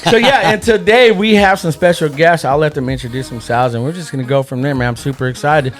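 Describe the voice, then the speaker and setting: A man's voice: a little high, quick pace, faint music behind. Hyped-up joking man hosting a podcast. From Central Valley, California. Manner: joking, hyped-up, laughs often. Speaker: podcast co-host. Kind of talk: casual podcast banter.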